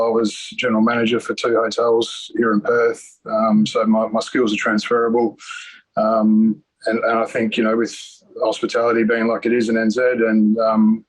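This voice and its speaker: Man, Australian accent, middle-aged, monotone, hesitant with lots of fillers, video call. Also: fairly low pitch, poor audio. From New Zealand. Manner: hesitant, many fillers and restarts. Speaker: interviewee. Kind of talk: casual interview.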